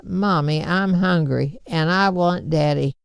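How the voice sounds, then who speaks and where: A woman's voice: fairly low pitch, unhurried, vocal fry, smooth, dry recording. A woman reading aloud voices a hungry, wailing toddler girl in a storybook. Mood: pleading. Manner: pleading, wailing.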